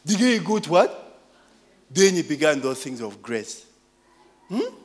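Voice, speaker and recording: A Ugandan man in his forties preaching, telling personal stories with lively asides and questions to the congregation. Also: fairly high pitch, measured pace. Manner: animated storytelling, call-and-response asides.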